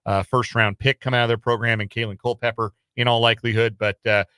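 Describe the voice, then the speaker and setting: A man's voice: medium pitch, little pitch movement, fast, bright, forceful tone, clean tone, no echo. A man hosting casual sports talk radio in a studio, rambling and self-deprecating with lots of fillers. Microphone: studio microphone.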